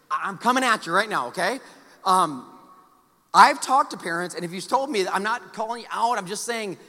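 A man preaching a sermon as pastor, emphatic and animated, with joking asides. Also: high voice. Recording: long church hall reverb.

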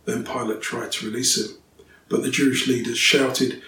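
A man reading scripture aloud and then preaching on it in a steady, clear way. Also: medium pitch, normal speed. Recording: roomy, distant, faint ambience.

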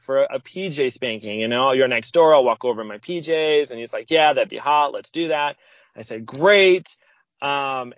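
A man of medium pitch tells a personal story in casual conversation. He acts out the lines people said, jumping up in pitch for them. The audio is dull and lo-fi, with a dry, close sound and no room echo. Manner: lively, acts out quoted speech with sudden pitch jumps. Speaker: podcast guest.

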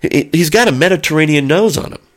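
A man's voice: a little high, lively intonation, quick pace. A middle-aged man telling a long, rambling story in casual chat, with lots of fillers and spoken sound effects.

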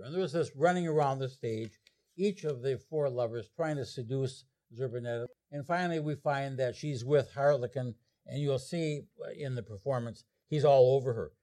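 A man lecturing on an opera, retelling its plot in an animated storytelling way. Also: mid-range voice, normal speed. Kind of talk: explaining an opera to an audience.

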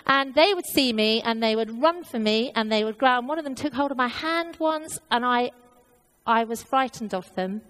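A woman's voice: a little high, normal speed, a bit bright, poor audio. A woman preaching a sermon, telling a personal story in an earnest way with many fillers and restarts.

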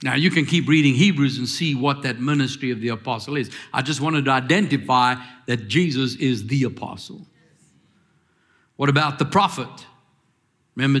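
A man's voice: mid-range voice, a bit bright. A man preaching a sermon, asking questions and calling for the congregation's answers, with rising emphatic lines. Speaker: pastor.

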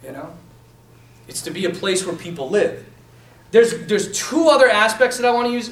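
A young man teaching a class in a lively, animated way, talking to his students as "man" and "you guys.". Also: sits high, normal speed, a little hiss or hum. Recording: echoey room, mic from a distance.

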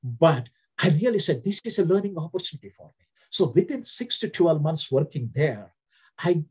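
A man's voice: on the high side, darkish tone, husky. A man from India with an Indian accent, telling his story earnestly as an interview guest.

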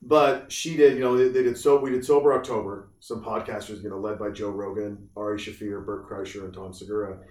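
Roomy, off-mic man telling animated stories. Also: lowish voice, brisk, hardly any pauses, far from the mic. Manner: animated storyteller, acts out quoted voices. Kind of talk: casual chat.

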